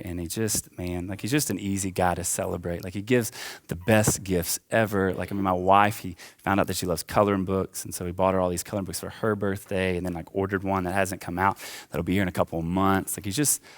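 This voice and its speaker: A young adult man preaching a sermon in a church, impassioned and building in waves, then easing into casual, chatty asides. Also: deep voice. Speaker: pastor. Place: church auditorium.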